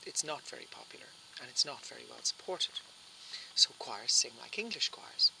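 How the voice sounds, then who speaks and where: A man with a flat Irish accent, explaining at length in an interview, often restarting his sentences. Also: mid-range voice, normal speed, creaky, slight background noise, low-quality recording. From Ireland. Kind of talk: interview answer.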